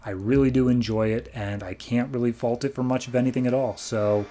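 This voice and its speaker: A man from the United States hosting a podcast, casually recapping and reviewing comic book issues, jumping into quick character voices as he retells scenes. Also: mid-range voice. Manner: animated retelling, voicing characters in quick bursts.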